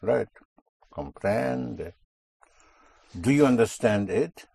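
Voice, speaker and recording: A man's voice: fairly low pitch, expressive, slow pace, darkish tone, breathy edge, no room sound. A man teaching a language lesson, patiently repeating and correcting a student's answers. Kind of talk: guiding a student through spoken drills.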